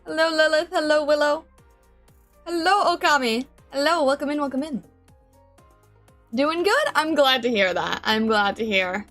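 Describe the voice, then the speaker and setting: Woman streamer, bright and higher-pitched, bubbly casual chat, faint music underneath. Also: moderate pace, long pauses. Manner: bubbly, greets chat by name, giggly. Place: home streaming room with a fan. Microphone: desk mic with noise filter.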